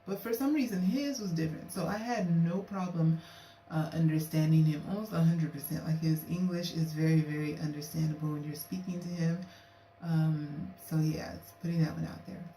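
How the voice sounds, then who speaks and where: A young woman vlogging casually, telling a story in a chatty, animated way and acting out what she and others said. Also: low-pitched, normal speed. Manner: chatty, animated, acts out quotes of herself and her date. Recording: echoey room, distant mic, faint hiss.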